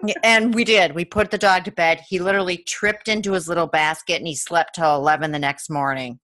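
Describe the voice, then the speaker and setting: Low-voiced woman podcast host. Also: a little fast, no room sound. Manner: animated, laughing storyteller. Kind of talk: casual storytelling.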